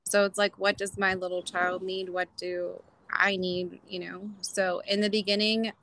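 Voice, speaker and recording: Young woman guest, candid and laughing, bright forceful voice. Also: mid-range voice, level tone, moderate pace. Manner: candid, laughs often, acts out quotes. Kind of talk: casual interview chat.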